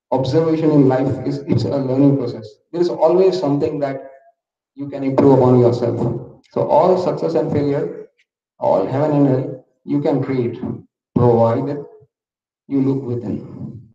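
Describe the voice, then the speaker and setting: A motivational speaker with an Indian English accent tells a story and poses questions to the audience in a large hall. His voice is mid-range, dark, and unhurried, captured from far off with dull, echoey hall sound.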